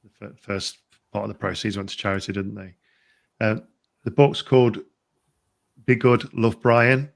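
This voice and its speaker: A man's voice: fairly low pitch, steady tone, normal speed, vocal fry, pauses often. A man hosting a casual fan-channel live stream, chatting with a guest and talking straight to the viewers in the chat. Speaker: host of a fan channel livestream.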